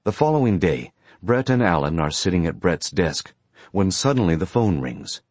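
A man narrating a story in a steady, plain storytelling manner. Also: low voice, normal speed, dry recording. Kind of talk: audiobook narration.

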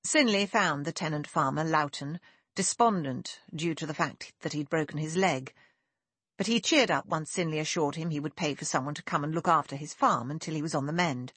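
A woman narrating a period novel in a measured, even storytelling manner, recorded on a close mic. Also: deep voice, breathy edge, no echo. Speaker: audiobook narrator. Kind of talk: scripted narration.

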